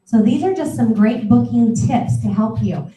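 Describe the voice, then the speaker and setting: A middle-aged woman giving an upbeat, energetic sales training talk. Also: fairly high pitch, normal speed. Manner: upbeat, energetic, peppy coaching. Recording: echoey room, voice from far off the mic.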